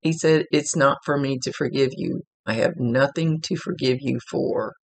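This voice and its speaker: A man with a mid-range voice and some vocal fry speaks at a normal speed. He's a psychic medium giving a casual spirit reading, rambling as he passes messages along out loud.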